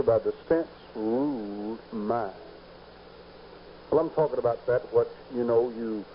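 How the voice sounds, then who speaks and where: A man preaching a sermon, emphatic and rising to loud peaks on key points. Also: fairly low pitch. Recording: dull lo-fi recording with faint hiss.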